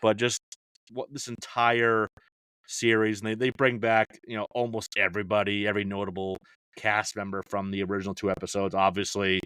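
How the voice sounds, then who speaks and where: A man's voice: fairly low pitch, little pitch movement, a little fast, a bit bright, clean tone, dry recording. A middle-aged man chatting casually as a podcast guest, rambling with many "you know"s and restarts. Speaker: podcast guest, fantasy baseball analyst.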